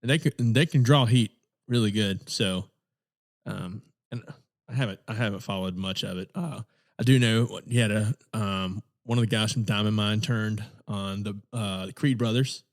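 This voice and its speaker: A man's voice: fairly low pitch, normal speed. A man co-hosting a wrestling podcast, chatting casually with plenty of fillers and restarts. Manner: rambling, many fillers and restarts, laughs often. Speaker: podcast co-host. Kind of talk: casual chat.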